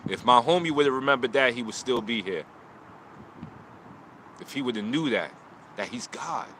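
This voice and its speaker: A man's voice: medium pitch, expressive, moderate pace, noisy background. A man talking live about loss and motivation in short, preaching lines, recorded outdoors on a phone. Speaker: martial arts teacher streaming live. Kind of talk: emotional live stream talk.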